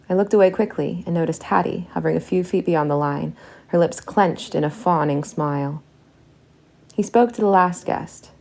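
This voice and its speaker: A woman reads a first-person audiobook with a low voice. Her tone is gravelly with vocal fry. She tells the story in a steady, intimate way. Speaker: audiobook narrator.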